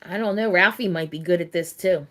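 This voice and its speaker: A middle-aged woman hosting a casual live chat with her viewers, talking in a halting way and repeating words as she gets emotional. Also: on the low side, fairly bright tone. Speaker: livestream host.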